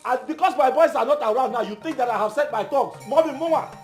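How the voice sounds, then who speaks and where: Joven nigeriano acusado e indignado. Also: male voice, high-pitched, very animated, slow, echoey room, soft background music, heavily acted. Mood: indignant. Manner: pleading and indignant. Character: young village man accused of killing the king.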